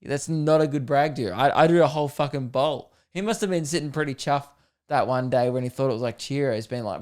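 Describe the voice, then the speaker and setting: Rambling Australian man, smooth voice. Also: medium pitch, fairly quick. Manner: rambling, jokey, swears casually. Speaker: podcast host. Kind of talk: casual solo podcast chat.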